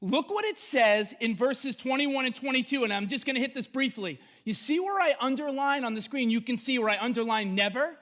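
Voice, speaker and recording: Bright-voiced, high-pitched male preacher. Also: brisk, hardly any pauses. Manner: animated, emphatic, playful asides. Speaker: pastor. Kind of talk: sermon. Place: church, preaching to viewers at home.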